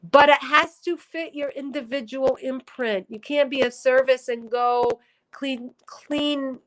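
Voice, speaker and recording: This psychic reader has a high, steady voice and takes her time, though the recording is low quality. During a casual spiritual livestream she reads viewer comments earnestly and emotionally, near tears, rambling and correcting herself.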